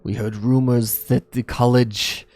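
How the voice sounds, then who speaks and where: A man's voice: medium pitch, little pitch movement, a little slow, darkish tone, no room sound, close to an everyday voice. A man voicing a formal male noble envoy who speaks politely and with measure.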